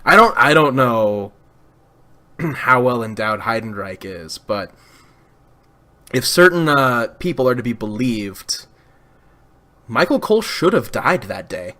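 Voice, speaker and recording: Animated joking man on a podcast. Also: mid-range voice, slow, pauses often. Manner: joking, animated, laughs often. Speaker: podcast co-host. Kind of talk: casual chat.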